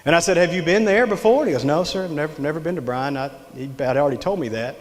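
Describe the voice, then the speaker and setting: A man's voice: fairly high pitch, racing. A middle-aged man with a Texan accent gives a folksy motivational talk to a live audience, telling a story and drawing the crowd in with questions. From Texas. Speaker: extension director giving a leadership talk. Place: large hall with live audience. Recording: long hall reverb.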